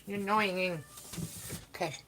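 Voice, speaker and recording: A woman's voice: lowish voice, slow. A woman hosting a casual baking livestream, chatting and rambling to her viewers and her kitten in a home kitchen. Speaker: livestream host. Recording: noisy background.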